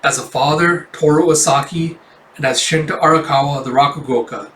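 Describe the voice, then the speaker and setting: A man's voice: on the high side, fairly quick, fairly bright tone, close to an everyday voice. A man reading the heartfelt monologue of an earnest, struggling performer who is also a father. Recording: roomy, distant mic.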